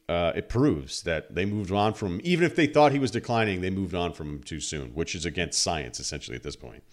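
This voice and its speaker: A man from New England talks football as a guest on a sports podcast. His voice sits very low. He rambles through long stories and acts out quoted exchanges along the way. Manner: rambling, animated storytelling with quoted asides. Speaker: guest analyst. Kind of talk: casual sports talk.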